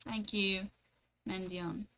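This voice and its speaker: A young woman talks loosely with her stream chat from home. Her voice is bright and forward, and she sits at a middling pitch. She is blunt, swears freely and laughs easily. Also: level tone, takes it slowly, slight background noise, poor audio. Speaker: streamer reading and answering live chat.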